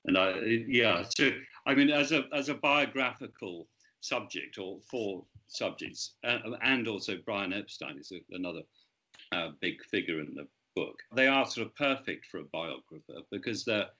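Guy author being interviewed, lowish voice, bright tone, lots of sort of and restarts. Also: animated, moderate pace. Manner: hesitant, many restarts and "sort of". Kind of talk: interview about his book.

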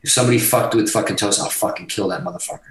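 Racing through his words, this man, a guitarist guest on a casual interview, spins a meandering road tale full of profanity and sudden jumps between ideas. His voice sits on the low side and his delivery is lively. The sound is roomy and the recording quality poor.

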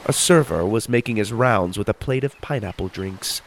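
A man narrating a children's adventure story in an expressive storytelling manner. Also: on the low side, moderate pace, slight background noise.

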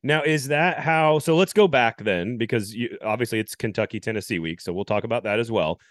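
A man hosts a casual podcast and talks in loose, rambling questions. His voice is mid-pitched. It sounds close and dry. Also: fairly quick, no room sound. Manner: conversational, asks rambling questions. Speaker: podcast host.

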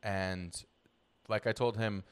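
A man's voice: fairly low pitch, little pitch movement, takes it slowly, clear, resonant tone. A young man co-hosting a podcast, talking casually in a matter-of-fact, blunt and joking way. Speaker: podcast co-host. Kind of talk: casual chat.

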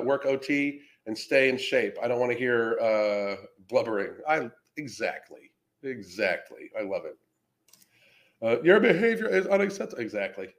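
A man hosting a podcast livestream, reading comments aloud and mocking trolls in a brash, profane, casual way. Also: medium pitch. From Florida. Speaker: podcast host reacting to comments.

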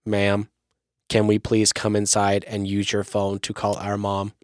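A man's voice: fairly low pitch, monotone, a little slow, clear, resonant tone, dry recording, studio quality, lightly acted. A man reading the lines of an eerie young girl at a door, politely pleading to be let in.

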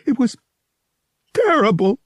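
A young woman falls apart in tears, as a male audiobook narrator voices her. Her voice jumps high and trembles between words. It sits well above the husky, gravelly tone of the man doing it. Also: lively intonation, a little slow, warm tone, dry recording, heavily acted. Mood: distraught. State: crying. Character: young woman pilgrim, shaken and weeping.

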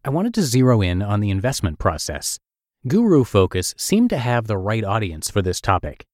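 A man hosting a daily show, reading blog posts aloud in scripted narration with a measured, expressive delivery. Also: lowish voice, dry recording, studio quality.

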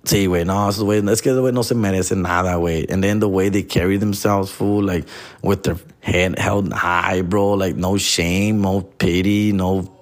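Los comedian, lower voice, heated slangy rant with Spanish mixed in. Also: male voice, fairly even intonation, normal speed. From Los Angeles. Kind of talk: profane casual rant.

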